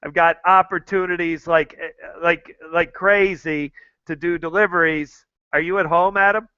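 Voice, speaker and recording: Chatty middle-aged American man, bright voice. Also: a little high, steady tone, normal speed, clear, resonant tone, dry recording, muffled recording. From United States. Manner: addresses listeners directly, chatty and repetitive. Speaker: host. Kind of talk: casual talk to listeners.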